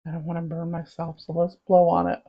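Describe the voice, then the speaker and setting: A woman's voice: lowish voice, level tone, brisk. A woman with a light Southern accent, chatting casually as she cooks and tastes food in her home kitchen, humming over each bite. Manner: chatty, savoring food with hums. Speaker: cooking channel host. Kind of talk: casual cooking demonstration. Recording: dull lo-fi recording.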